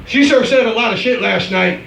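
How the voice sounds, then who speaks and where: A brash man from the Midwest working through an open mic stand-up set, his voice high and bright. He is heard from far off in an echoey bar with faint room noise. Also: brisk, creaky. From American Midwest. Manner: brash, punchline-driven delivery. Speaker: stand-up comedian.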